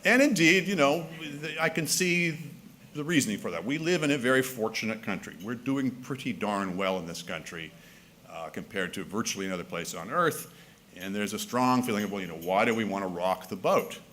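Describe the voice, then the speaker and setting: A man's voice: lowish voice, brisk, fairly bright tone, slight background noise. A man giving a public speech at an assembly, wry and argumentative, often restarting his sentences with fillers. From Canada. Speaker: speaker. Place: assembly hall.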